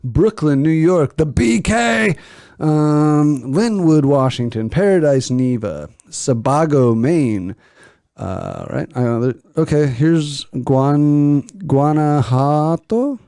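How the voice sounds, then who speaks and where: Mellow-voiced man reading podcast shout-outs. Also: a little high, lively intonation, slow pace, clear, resonant tone, no room sound, clean studio sound. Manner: rambling, jokey, reads listener shout-outs. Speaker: podcast co-host. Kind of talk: casual podcast chat.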